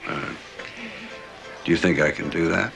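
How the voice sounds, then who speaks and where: A shy stammering boss with a very deep voice. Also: male voice, creaky, heavily acted. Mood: earnest. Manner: halting, stammering with fillers. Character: hesitant shy middle-aged male employer. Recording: film scene with music behind.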